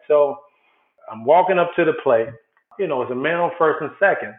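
A man's voice: mid-range voice, a little fast. A man from Chicago, a former baseball player, telling his story as an interview guest and acting out the people in it. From South Side of Chicago. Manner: animated storyteller, acts out quotes. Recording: echoey, phone-like sound.

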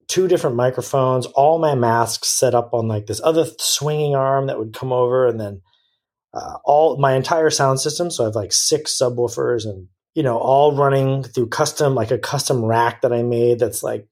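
A man talking frankly as a guest on a casual podcast, rambling through long answers that restart and correct themselves mid-thought. His voice is gravelly and husky, set at an ordinary male pitch. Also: darkish tone. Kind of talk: casual interview chat.

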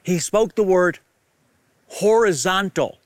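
Male rabbi-preacher, higher register, earnest and deliberate, dry studio sound. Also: no echo. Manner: earnest, repeats lines slowly for emphasis. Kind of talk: sermon teaching.

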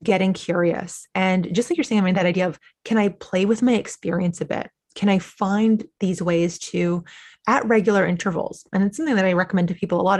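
Female psychologist guest, husky tone, measured and reflective, hedging as she explains. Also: medium pitch, a little mellow. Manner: thoughtful, measured, hedging with "sort of" and "kind of". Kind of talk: explanatory interview answers.

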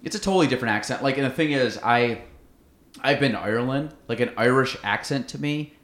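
A man's voice: medium pitch, quick pace, a bit bright. A man hosting a casual podcast, rambling and self-interrupting while he asks curious questions. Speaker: podcast host. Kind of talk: casual chat. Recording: roomy echo.

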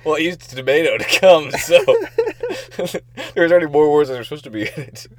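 Young man, podcast co-host, casual banter, laughs a lot, very animated pitch. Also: fairly quick, dry recording. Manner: giggly, laughs often while telling jokes.

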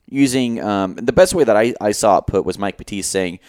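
A man hosting a casual chat, laid-back and hesitant, often pausing to restart his sentences. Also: fairly low pitch, darkish tone, no echo, clean studio sound.

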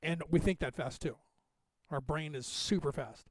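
A man hosting a podcast, talking quickly in a rambling, digressive monologue. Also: a little high, no room sound. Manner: rapid, talkative, digressive. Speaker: podcast host.

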